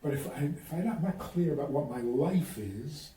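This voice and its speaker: This man's voice sits on the high side and moves fairly quickly, with hardly any pauses. He's a rabbi sharing advice in an interview, an animated storyteller who acts out quoted dialogue in a conversational style, heard in a roomy recording at a distance from the mic.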